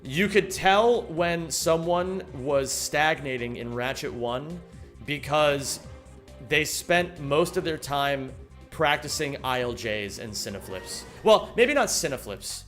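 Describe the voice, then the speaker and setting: A man's voice: on the high side, expressive, takes it slowly, fairly bright tone, soft background music. A young man live-streaming a game, chatting casually, thanking viewers and swearing freely as he rambles. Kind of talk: casual live-stream chat while gaming.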